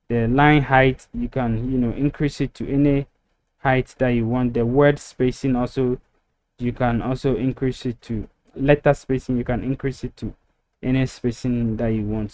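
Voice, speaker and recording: A man walking through a website-building tutorial step by step, relaxed and filler-heavy, recorded on a desktop mic over a screen recording. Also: mid-range voice. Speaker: web design tutor.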